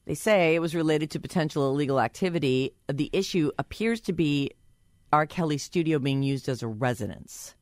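A woman's voice: deep voice, brisk, darkish tone, dry recording, studio quality. A woman hosting a radio show with a cold, teasing her co-host and reading quiz quotes aloud. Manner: teasing, laughs often, reads quotes dramatically. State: has a cold. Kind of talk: casual radio chat, quizzing a co-host.

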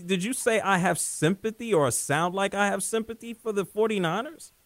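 High-voiced, animated sports radio host. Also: male voice, normal speed, no room sound. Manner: opinionated, animated and joking.

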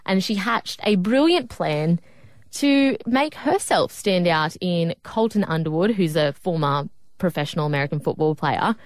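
A woman's voice: on the low side, expressive, normal speed, no echo. A woman co-hosting a casual radio chat show, telling stories with laughs. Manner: chatty, laughing storyteller. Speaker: radio co-host. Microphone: studio microphone.

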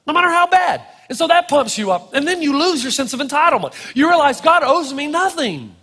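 A high-voiced man preaching in a church, his words carrying a long hall reverb. He talks in an animated, playful way, jumping into little acted-out voices. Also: fast talker. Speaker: pastor. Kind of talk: sermon.

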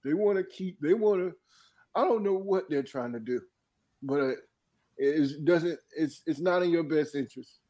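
A man who is crying as he talks, his voice pitched a little high for a man. He speaks with halting passion and restarts, angry and hurt, letting a swear slip now and then. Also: warm tone. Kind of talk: emotional group discussion.

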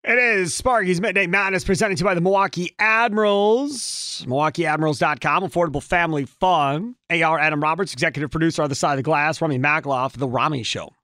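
A male radio host runs a midday sports talk show, his voice sitting a little high as he banters in quick bursts. The studio sound is dry and close. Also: bright, forceful tone, no room sound. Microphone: studio microphone.

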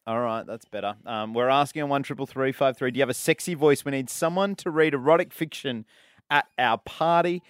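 Aussie guy hosting radio, chatty, laughs a lot, mid-pitched voice, studio mic. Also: brisk, fairly bright tone, smooth, dry recording. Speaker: radio host. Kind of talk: casual radio banter. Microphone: studio microphone.

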